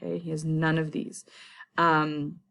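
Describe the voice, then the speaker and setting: A woman's voice: sits low, flat delivery, measured pace, gravelly, fairly bright tone. A woman teacher casually summarizing a play in a chatty way, full of fillers and asides.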